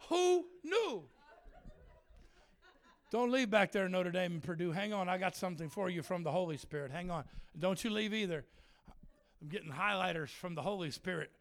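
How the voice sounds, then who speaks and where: A traveling preacher and worship leader from Germany gives a humorous sermon, joking, laughing a lot and acting out other people's voices as he tells stories. He is animated, with a voice that sits high and a moderate pace.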